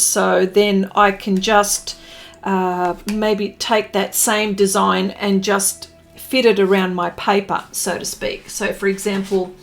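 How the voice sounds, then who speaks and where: An Australian woman hosting her art livestream, chatting casually and greeting viewers by name. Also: mid-range voice. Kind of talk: casual live-stream chat. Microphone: desk microphone.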